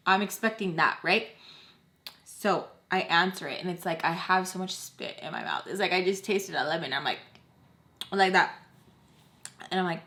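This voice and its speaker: Emotional and casual, this young female vlogger recounts a personal storytime, leaning heavily on fillers such as "like" and quoting others by imitating their voices. She speaks at a normal speed with a medium-pitched, fairly bright voice.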